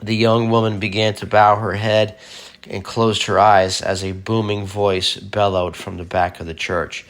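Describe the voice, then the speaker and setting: A man's voice: fairly low pitch, level tone, measured pace, a bit bright. A man reading a horror story aloud in a plain voice, with casual asides and fillers. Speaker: reader.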